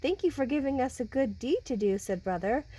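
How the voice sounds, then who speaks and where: A woman's voice: high-pitched, fairly quick, slightly rough, rough recording. A woman reading a children's picture book aloud and chatting with the kids who listen. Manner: animated, talks with listening children. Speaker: storybook reader.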